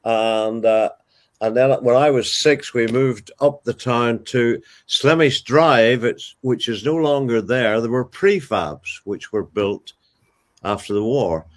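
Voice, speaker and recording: A man's voice: mid-range voice, takes it slowly. An older man with a Ballymena Northern Irish accent, telling stories from his life as the guest in a casual interview, with fond asides. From Ballymena, Northern Ireland. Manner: warm anecdotal storyteller with fond asides. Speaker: guest, television broadcaster.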